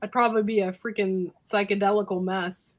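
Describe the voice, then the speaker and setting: A woman from the United States in a casual group chat, talking in an animated way and laughing often. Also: mid-range voice, brisk.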